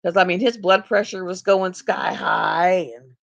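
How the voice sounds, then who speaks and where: A middle-aged woman hosts a casual livestream chat, rambling through stories, laughing often, and imitating other people's voices. Her voice is on the low side with vocal fry, she speaks a little slowly, and the sound is lo-fi.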